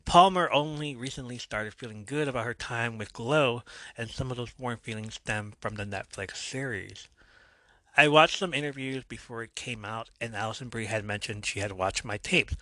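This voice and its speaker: A male podcast host walks through an episode in loose, casual recap mode. His voice is bright and forward, recorded dry and close. He breaks off into jokey asides and corrects himself as he goes. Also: medium pitch, moderate pace, no echo. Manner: joking asides, self-correcting.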